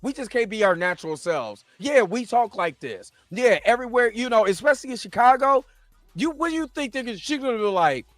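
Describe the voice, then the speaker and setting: Brief: male reaction host, high voice, dry close sound, impassioned ranting delivery with stumbles and restarts. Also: big pitch swings, fairly quick, a bit bright, dry recording. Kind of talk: heated reaction commentary.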